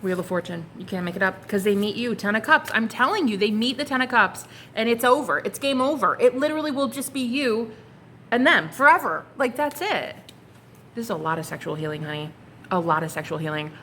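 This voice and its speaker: A young woman doing a casual tarot reading, excitable and flustered, swearing casually and calling her viewers honey and girl. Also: medium pitch, fairly quick, a little hiss or hum. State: flustered and hot. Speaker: tarot reader.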